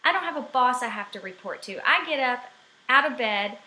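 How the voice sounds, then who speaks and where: A woman's voice: on the high side, expressive, a little fast, pushed and bright. Fired-up woman ranting in an echoey room. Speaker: network marketing vlogger. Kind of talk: casual vlog rant. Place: home office.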